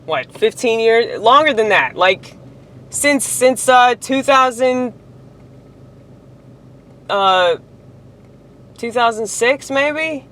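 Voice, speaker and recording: A woman's voice: medium pitch, a bit bright. A woman delivering a heated, profane, rambling monologue rant straight to the camera.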